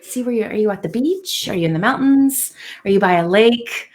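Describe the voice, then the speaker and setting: A woman's voice: mid-range voice, lively intonation, fairly quick, darkish tone. A woman hosting a live-streamed interview chat, bubbly and effusive, laughing often. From United States. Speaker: host.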